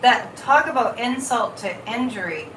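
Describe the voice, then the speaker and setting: A woman hosting a casual live stream as a psychic, talking in an animated way, repeating words and reading viewer comments. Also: fairly high pitch, measured pace, a little hiss or hum. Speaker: psychic livestream host. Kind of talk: casual livestream chat. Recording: echoey room, mic at a distance.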